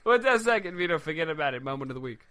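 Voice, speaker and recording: A man with a Brooklyn accent co-hosting a comedy talk show, ranting in brash, excitable bursts. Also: fairly high pitch, very fast. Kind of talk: loud satirical talk show banter.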